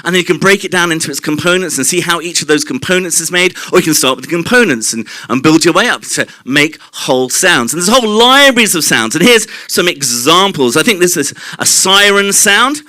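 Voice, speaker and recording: A man's voice: a little high, expressive, a little fast, few pauses, sharp tone, no room sound. A man giving a live stage presentation, explaining mouth sounds, demonstrating them and quizzing the audience. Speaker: presenter at a live short-talk night. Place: club venue at a live evening event.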